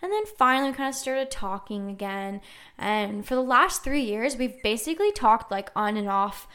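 A young woman hosts a casual podcast and tells a personal story as a loose, chatty monologue. Her voice sits a little high, and she fills her talk with "like" and dry, joking asides. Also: expressive, normal speed, a bit bright, clean tone. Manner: chatty, lots of "like", wry jokes. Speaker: podcast host.

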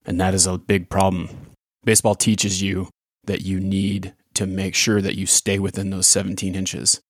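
A man's voice: sits low, creaky, no echo, studio quality. A man who used to coach baseball, hosting a short podcast episode and reflecting in a plain, conversational way. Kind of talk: casual spoken podcast with read-aloud story.

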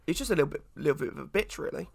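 A man's voice: on the high side, lively intonation, racing, vocal fry, husky. A man co-hosting a podcast in casual chat, playful and teasing, often laughing. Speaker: podcast co-host.

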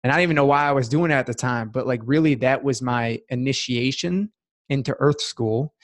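A man's voice: mid-range voice, brisk. A man, a guest in a casual interview, telling a personal story in an earnest, heartfelt way with many fillers. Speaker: podcast guest.

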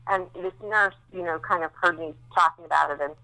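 A woman's voice: lowish voice, fairly quick, creaky, bright, forceful tone, dry recording, low-quality recording. A woman in her thirties, a podcast co-host recovering after childbirth, telling stories in a candid, chatty way with many fillers. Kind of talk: casual chat.

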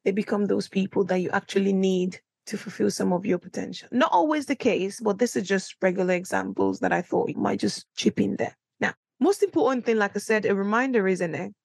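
A young adult woman hosting a solo podcast, chatting and telling a personal story in a lively way. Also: medium pitch, brisk, creaky, few pauses, slightly rough, no echo. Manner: chatty storytelling, animated when quoting herself. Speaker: podcast host. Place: small room, recording alone.

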